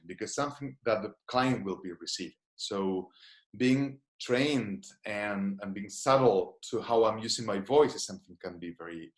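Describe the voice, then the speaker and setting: A man who is a therapist, giving an online seminar. He explains things thoughtfully and invites listeners to try short exercises. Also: lowish voice. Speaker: gestalt therapist teaching a seminar. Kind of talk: online webinar lecture. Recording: roomy echo.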